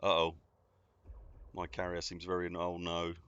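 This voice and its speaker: A man from the United Kingdom streams a game and chats casually with viewers, rambling and greeting people by name. His voice is low-pitched, monotone and unhurried, with a fairly bright, clean tone. The recording sounds dull, dry and lo-fi.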